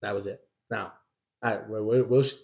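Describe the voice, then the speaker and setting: A man's voice: on the low side, steady tone, normal speed, creaky, a little mellow. Man preaching a conversational sermon. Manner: emphatic reading of scripture, then conversational storytelling. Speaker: pastor.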